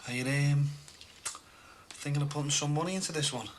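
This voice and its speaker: A man's voice: a little high, brisk, close to an everyday voice. An actor playing a cocky man who teases and brags about his money. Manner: smug, teasing, boastful. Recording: noisy TV broadcast sound.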